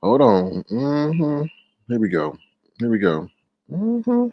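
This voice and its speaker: A man hosts a live stream at a slow pace, his audio lo-fi with no room sound. It's a casual storytelling chat: he gets animated, uses high, exaggerated voices when quoting people, and reads out viewers' comments to tease them.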